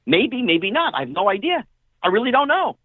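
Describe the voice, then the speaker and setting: A middle-aged man, a guest on an interview show, telling casual stories in an animated way and acting out what other people said. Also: extremely high pitch, a little fast, dry recording. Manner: animated storyteller who acts out quoted dialogue. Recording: tinny phone-line audio, dry.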